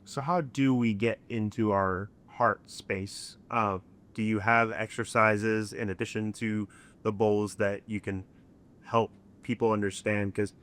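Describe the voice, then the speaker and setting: A man's voice: fairly low pitch, a bit bright. A man hosting an interview, asking curious, analytical questions. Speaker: podcast host.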